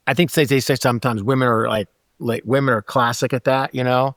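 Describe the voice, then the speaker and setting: Guy chatting on a podcast, lively, keeps acting out little bits of dialogue, mid-pitched voice, dry close sound. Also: a little fast, no room sound. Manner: animated, acts out quoted dialogue with laughs. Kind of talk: casual podcast conversation.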